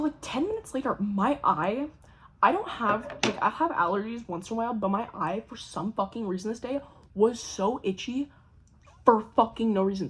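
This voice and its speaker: A woman's voice: medium pitch, husky. Young woman swearing through a storytime. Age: young adult. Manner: swears constantly, lively animated storytelling. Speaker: vlogger. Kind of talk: casual storytime.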